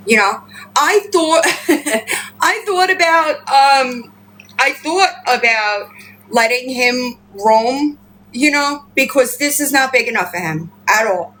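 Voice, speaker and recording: Slow-talking woman on a phone livestream, a bit high-pitched, cussing and chatty, with faint noise behind her. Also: a bit bright, low-quality recording. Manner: profane, rambling, and chatty, switching to high baby-talk with her pets. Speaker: livestream host. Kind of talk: casual livestream chat. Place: at home with pets.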